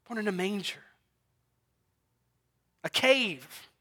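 A man preaching a sermon, swinging between hushed near-whispers and loud, emphatic declarations. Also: high voice, unhurried.

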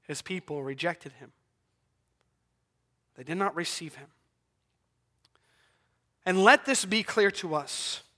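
A man preaching a sermon, swinging between hushed near-whispers and loud, emphatic declarations. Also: high voice, expressive, slow pace, long pauses.

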